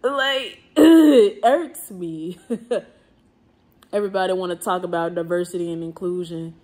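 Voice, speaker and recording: A woman, speaking to camera in a blunt, emphatic vlog rant. Her voice has a gravelly edge and a husky grain. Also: lowish voice, dark tone. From New Orleans. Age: 30s. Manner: blunt and emphatic, with swearing and slang. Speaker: vlogger.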